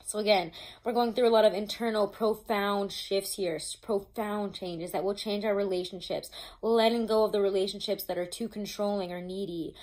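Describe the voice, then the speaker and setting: This tarot reader speaks at a moderate pace with a medium pitch, fairly even intonation, and a darkish tone. Her reading is casual and chatty, with plenty of swearing, and she often restarts while stumbling through her notes.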